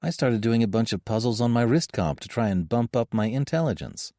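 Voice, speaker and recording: A man voicing a young male adventurer, sarcastic and joking, keeping steady in danger. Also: mid-range voice, brisk, no echo, studio quality, close to an everyday voice. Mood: wry.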